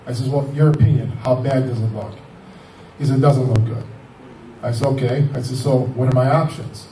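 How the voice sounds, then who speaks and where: A man's voice: mid-range voice, fairly quick, slight background noise. A man in his fifties telling his own cancer story in a rambling way, acting out the conversations he had. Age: 50s. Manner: rambling, animated retelling with quoted dialogue. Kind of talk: personal storytelling. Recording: echoey room, voice from far off.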